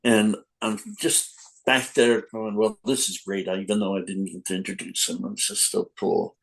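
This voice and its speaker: A man's voice: fairly low pitch, steady tone, normal speed, vocal fry, fairly bright tone, poor audio. An older man, a comic book editor, telling rambling anecdotes in a casual podcast interview, acting out quotes.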